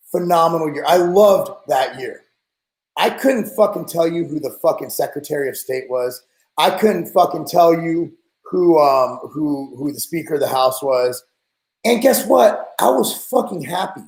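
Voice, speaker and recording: Podcast host, man in his forties, high-pitched, blunt exasperated rant, echoey room. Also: animated, measured pace, a little mellow. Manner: blunt, profane, exasperated ranting.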